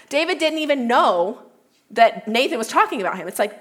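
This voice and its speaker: Young woman speaker, casual youth-talk delivery, fillers and restarts, voice sits a bit high. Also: lively intonation, a little fast. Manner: chatty, lots of "like", self-correcting. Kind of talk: casual youth talk retelling a Bible story.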